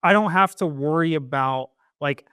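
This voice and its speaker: A young man co-hosting a podcast in relaxed, self-deprecating casual chat. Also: on the high side, moderate pace, smooth, dry recording, studio quality. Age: young adult. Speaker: podcast co-host.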